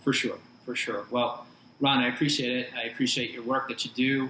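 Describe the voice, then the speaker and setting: A male podcast host leads the interview at a slow, halting pace and often restarts his sentences. His voice sits in the middle range, and the recording is roomy with faint hiss. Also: mid-range voice, little pitch movement, bright, forceful tone.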